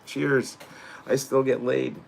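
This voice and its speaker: A middle-aged man hosting a live show, ranting casually and swearing constantly, dropping to mutters and rising to loud outbursts. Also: medium pitch, little pitch movement, takes it slowly, creaky, slight background noise. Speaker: podcast host, wrestler. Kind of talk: profane casual rant.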